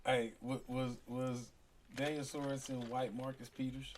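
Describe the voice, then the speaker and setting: A man co-hosting a casual sports talk stream, loud and excitable as he chimes in. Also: medium pitch, unhurried, slight background noise. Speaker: podcast co-host.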